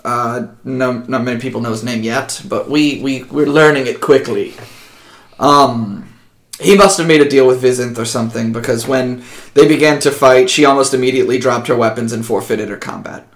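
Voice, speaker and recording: A man's voice: mid-range voice, moderate pace, roomy sound. A man narrating as game master in a casual tabletop session, rambling with many ums.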